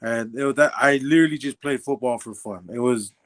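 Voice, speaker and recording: Animated young man telling stories. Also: medium pitch, fairly quick. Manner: animated, acts out dialogue, laughs often. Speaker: podcast guest, former football player. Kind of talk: casual storytelling.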